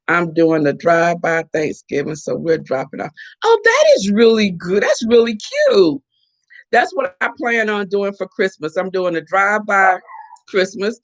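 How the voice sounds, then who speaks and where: A woman's voice: medium pitch, a bit bright. A middle-aged woman hosting a casual morning live stream, chatting playfully and answering viewer comments.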